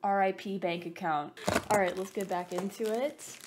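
A young woman vlogging an excited unboxing, bubbly and gushing, rambling with self-mocking asides and over-caffeinated giddiness. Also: mid-range voice, moderate pace, noisy background. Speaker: gaming vlogger.

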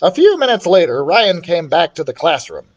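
Animated man reading a storybook. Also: on the high side, normal speed, lo-fi sound. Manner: expressive, animated. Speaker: children's librarian reader. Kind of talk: storybook read-aloud.

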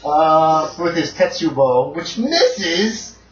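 A slightly high-voiced man runs a tabletop horror game, drifting through fillers and breaking out in loud sound effects. He sits well back from a dull, muffled mic. Steady noise hums behind him. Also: slow. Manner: loose, filler-heavy narration with sudden shouted sound effects. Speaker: game master. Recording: roomy, distant, dull, noisy home recording.

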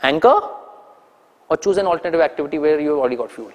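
Animated Indian man training in a hall. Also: a little high, fast. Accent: Indian English. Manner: animated, teasing, asks the audience questions. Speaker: corporate trainer. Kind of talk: motivational training talk.

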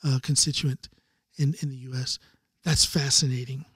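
A man's voice: mid-range voice, level tone, normal speed, a bit bright, husky, no room sound, studio quality. A man hosting a podcast in casual conversation, rambling and thoughtful with restarts. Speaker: podcast host.

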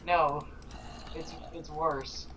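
Jumpy higher-voiced young gamer man. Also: level tone, drawn-out words, background noise. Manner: jumpy, yelps in panic. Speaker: co-player. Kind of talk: casual gaming chat.

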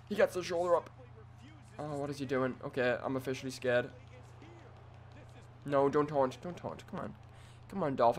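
A man giving excitable let's play commentary, trash-talking his opponent and swinging between quiet mutters and sudden yells. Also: mid-range voice, moderate pace, pauses often, a little hiss or hum. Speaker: gaming commentator.

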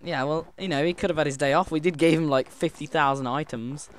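A man with a northern English accent, voice pitched a bit high and clean in tone, chatting through a co-op Minecraft session. He talks playfully, laughs often and now and then slips into mock-solemn narration. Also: fairly even intonation, no room sound. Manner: playful, chatty, quick to laugh, plays at role-play narration. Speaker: gamer co-host. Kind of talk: casual Minecraft let's-play chat.

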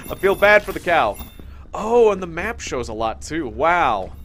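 A young man giving excitable, jokey commentary while playing a shooter, talking to himself as he plays. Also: fairly high pitch, measured pace, slight background noise. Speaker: gaming YouTuber. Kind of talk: let's play commentary. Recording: game gunfire loud behind voice. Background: game gunfire and explosions.

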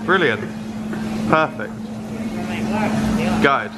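A man's voice: medium pitch, animated, extremely slow, very noisy. A young British man chatting casually to camera in a vlog, with sweary, sarcastic asides. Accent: British English. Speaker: vlogger.

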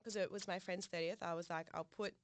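A woman's voice: on the low side, quick pace, no echo. A young adult woman, co-hosting a podcast and telling a story in casual chat. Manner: animated storytelling, swearing, frequent "like". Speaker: podcast co-host.

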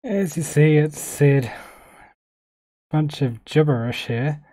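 Relaxed man chatting through a tech demo. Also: a little high, slow pace, pauses often. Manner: thinking aloud, relaxed and chatty. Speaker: tech vlogger. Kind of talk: casual screen-recorded tech demo.

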